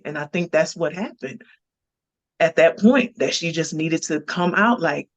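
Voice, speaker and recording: A woman's voice: deep voice, unhurried, no echo. A woman actress guest in a casual interview, talking earnestly and expressively and thinking aloud. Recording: dull, muffled lo-fi audio.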